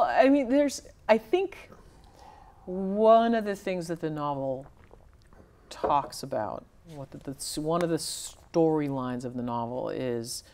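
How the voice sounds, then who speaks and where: A woman with a notably low voice talks about her writing in a relaxed interview. She is reflective and unhurried in thought, pausing and restarting as she searches for the right words, with a grounded conversational delivery. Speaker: novelist guest.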